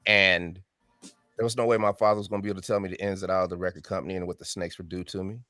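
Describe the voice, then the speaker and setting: This music artist, a man in his fifties, speaks very fast in a low voice while recounting his story as an interview guest. He's an animated storyteller who performs the voices he quotes and often adds "right?". There's no room sound, just soft music in the background.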